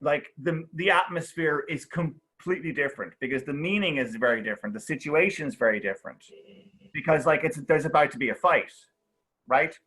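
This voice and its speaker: A young man runs a relaxed online English lesson, talking in a bright, slightly high voice. He explains with example after example and keeps checking in with his students. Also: fairly quick, breathy edge. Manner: chatty, explains with many examples and checks "okay?". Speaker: English teacher. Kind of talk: casual online class.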